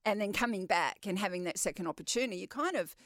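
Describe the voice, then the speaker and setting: A middle-aged Australian woman telling stories in a casual interview, lively and quick to laugh. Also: mid-range voice, no room sound, clean studio sound. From Western Australia. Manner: lively, chatty, laughs often. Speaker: guest, champion open water swimmer.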